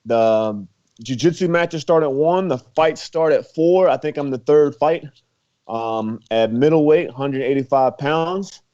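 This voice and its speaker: Young guy chatting easy, lots of "like" and laughs, kinda high voice, dull muffled audio. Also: unhurried, mellow. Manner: laid-back, laughing, filler-heavy talk. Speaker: guest, former college wrestler. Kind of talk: casual interview chat. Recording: muffled lo-fi recording.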